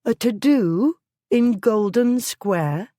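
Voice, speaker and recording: A woman's voice: a little high, lively intonation, slow pace, warm tone, no room sound, studio quality, pitched above the performer's own voice. A woman voicing a bold, headstrong young lady who speaks eagerly and with determination.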